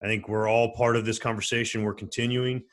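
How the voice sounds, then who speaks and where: A man with a low, steady voice talks earnestly on a video-call panel. He speaks in a measured, thoughtful way, choosing his words with care. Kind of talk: panel discussion.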